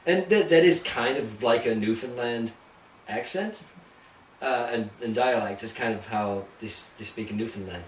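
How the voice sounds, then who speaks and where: A man's voice: medium pitch, moderate pace, a little hiss or hum. A man chatting on a podcast in a put-on Canadian accent, rambling and swearing casually. His voice sits in the middle range. It comes from a distance in a roomy space with faint ambience behind. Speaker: podcast co-host. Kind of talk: casual chat.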